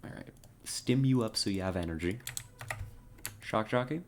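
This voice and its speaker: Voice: mid-range voice, expressive, moderate pace, a little hiss or hum. A streamer giving live gameplay commentary, wry and self-mocking, muttering orders to their soldiers. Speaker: game streamer.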